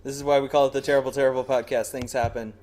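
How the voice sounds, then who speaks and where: A man's voice: medium pitch, little pitch movement, very fast, darkish tone, slight background noise. Rambling, self-mocking young man hosting. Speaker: podcast host. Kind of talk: casual chat.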